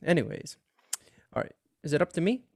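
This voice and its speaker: A man co-hosting a casual podcast chat, animated and profane and laughing often. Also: on the high side, a little fast, gravelly, no room sound, clean studio sound. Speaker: podcast co-host.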